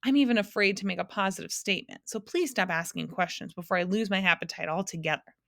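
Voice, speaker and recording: A woman's voice: mid-range voice, fast, creaky, a bit bright, no room sound, clean studio sound. A woman reading aloud and voicing a nervous, shapeless male giant who hedges everything he says. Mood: hedging. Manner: hedging, roaring then fretful.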